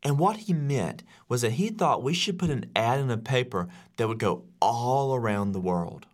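Lively storytelling male teacher. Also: mid-range voice, normal speed. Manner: animated, acts out quoted voices. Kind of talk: storytelling speech.

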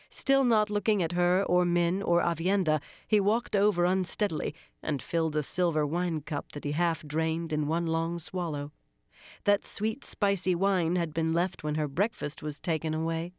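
An audiobook narrator reading a fantasy novel in a measured, even storytelling manner. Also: mid-range voice, clean tone, dry recording, clean studio sound.

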